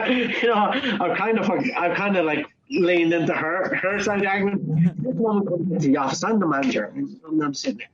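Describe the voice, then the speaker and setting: A young Irish man on a casual podcast, telling a work story in an animated way and acting out both sides in quoted voices. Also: high voice, normal speed, gravelly, highs cut off, slight background noise. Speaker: podcast co-host. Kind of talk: casual chat.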